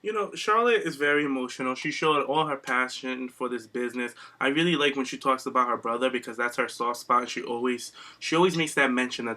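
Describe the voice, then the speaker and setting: A man's voice: medium pitch, brisk, few pauses, sharp tone. A man co-hosting a wrestling podcast, chatting casually, gushing and profane, laughing often. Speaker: podcast co-host.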